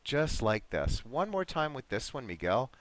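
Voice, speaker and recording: A man's voice: mid-range voice, very animated, a little slow, a bit bright. A man teaching an online English lesson, patiently encouraging his students and modeling pronunciation word by word.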